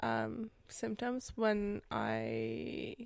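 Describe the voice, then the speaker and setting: A woman's voice: medium pitch, very animated, extremely slow, vocal fry, smooth, no echo. Giggly Canadian woman, dry close sound. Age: young adult. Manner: chatty and giggly, mimicking phrases. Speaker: podcast co-host. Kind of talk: casual chat. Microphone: podcast microphone.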